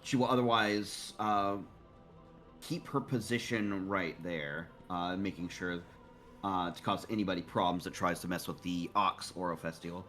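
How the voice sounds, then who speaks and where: A man's voice: sits low, moderate pace, a bit bright, faint music behind. A man playing a tabletop game, hesitantly describing his character's actions with many fillers. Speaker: player.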